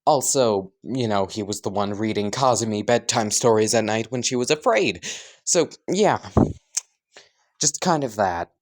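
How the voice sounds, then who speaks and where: A man's voice: fairly low pitch, lively intonation, a little slow. A man casually improvising and narrating a fan story, rambling, joking and correcting himself.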